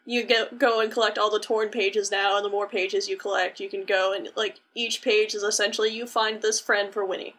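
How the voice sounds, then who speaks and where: A woman's voice: mid-range voice, level tone, brisk, hardly any pauses, fairly bright tone. A woman co-hosting a podcast, animatedly recapping a video game in casual chat, swearing freely and acting out the characters' lines. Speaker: podcast co-host.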